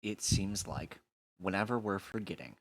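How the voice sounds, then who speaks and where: A man's voice: low-pitched, normal speed, rough recording. A man playing a tabletop game, chatting in an easygoing way. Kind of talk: casual game chat.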